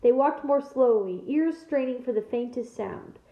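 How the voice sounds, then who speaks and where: A woman teacher reading a novel aloud to her class, in a steady storytelling manner with small slips. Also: on the high side, unhurried. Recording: echoey room, tinny phone-like sound.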